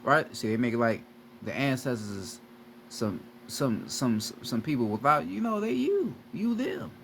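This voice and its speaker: A man's voice: medium pitch, big pitch swings, unhurried, gravelly, a little hiss or hum. A man giving a profane, repetitive spiritual lecture straight to his viewers as a video creator. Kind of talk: preachy lecture to camera.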